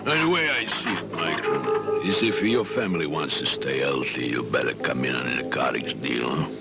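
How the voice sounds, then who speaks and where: A gravelly mob heavy. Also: male voice, a bass voice, lively intonation, moderate pace, exaggerated voice. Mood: menacing. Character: gruff rival mobster, menacing. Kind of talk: 1970s cartoon voice acting. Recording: cartoon soundtrack with loud music.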